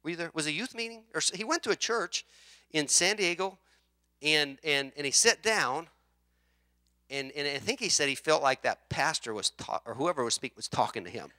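A middle-aged man, a pastor, preaching a sermon in an animated, conversational way, firing off rhetorical questions. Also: on the high side, brisk, no echo, clean studio sound.

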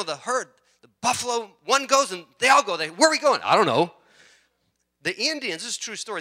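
Male pastor, bright clear voice, animated sermon storyteller. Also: high voice. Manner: animated storytelling, rising excitement.

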